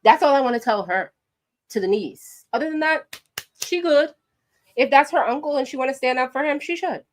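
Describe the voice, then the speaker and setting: A woman's voice: high-pitched, normal speed. Sassy New woman giving her opinion. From New York. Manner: animated, sassy, direct address to viewers. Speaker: commentary vlogger. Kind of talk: opinionated commentary to camera.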